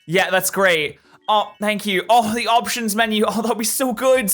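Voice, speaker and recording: A young man hosting a let's play, chatting through the game with excitable, jokey remarks. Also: sits high, moderate pace, hardly any pauses, faint music behind. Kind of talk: gameplay commentary.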